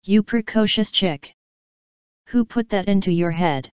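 A woman reading a lively, playful young woman. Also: medium pitch, measured pace, clear, resonant tone, no echo, dull audio, close to an everyday voice.

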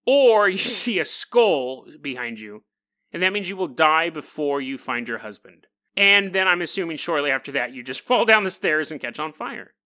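Animated, joking man hosting a podcast. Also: a little high, normal speed. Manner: animated, joking, self-mocking. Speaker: podcast host. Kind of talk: casual podcast monologue.

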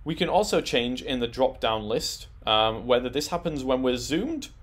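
A man presenting a tech tutorial, talking through settings in a relaxed, explanatory way with frequent "um" and "uh". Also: mid-range voice, moderate pace. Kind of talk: screen-recorded software walkthrough.

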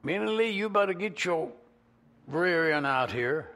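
A man voicing a brash country man who hollers loudly and demands a woman come outside. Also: a little high, expressive, unhurried. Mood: demanding. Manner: loud, demanding shouting.

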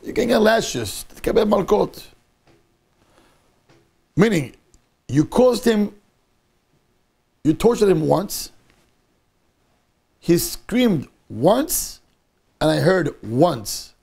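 Animated high-voiced gravelly rabbi. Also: male voice, extremely slow, long pauses. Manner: animated, mixes Hebrew and Yiddish terms into English, asks the audience questions. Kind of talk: Torah class sermon. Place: synagogue.

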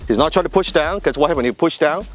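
A martial arts instructor gives a hands-on demonstration lesson, walking through a drill step by step and checking in with "right?" and "see that?" His voice is fairly high and rapid-fire, with soft music in the background.

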